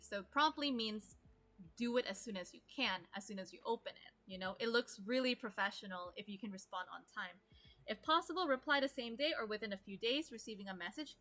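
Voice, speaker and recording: A woman's voice: a little high, pushed and bright. A woman teaching an online English class, explaining terms and asking students questions.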